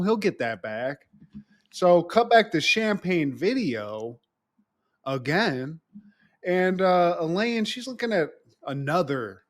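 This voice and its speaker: A man co-hosting a podcast, animatedly retelling a TV episode in casual chat and swearing freely. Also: fairly high pitch. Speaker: podcast co-host.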